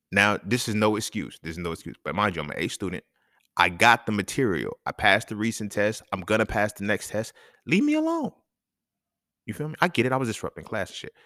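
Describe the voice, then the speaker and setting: A man hosting a solo talk episode, ranting in an animated, casual way full of slang and profanity. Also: on the low side, no room sound, clean studio sound. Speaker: podcast host. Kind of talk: solo monologue rant.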